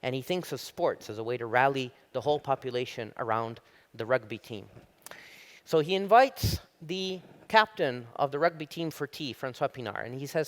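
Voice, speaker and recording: Guy, middle-aged prof, public lecture, gets animated telling stories. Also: normal speed. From Italy. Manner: animated storyteller, rises high when telling jokes. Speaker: university professor giving a lecture. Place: lecture hall.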